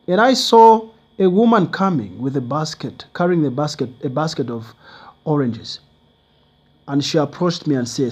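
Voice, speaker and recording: A man's voice: a little high, animated, moderate pace. A man telling a motivational personal story in earnest, simple phrasing.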